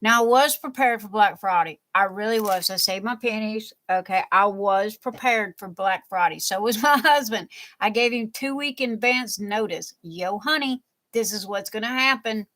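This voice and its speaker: A woman's voice: medium pitch, moderate pace, a bit bright. A woman hosting a live crafting stream from home, chatting playfully with viewers and laughing often. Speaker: livestream crafting host. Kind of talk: casual live chat reading viewer comments.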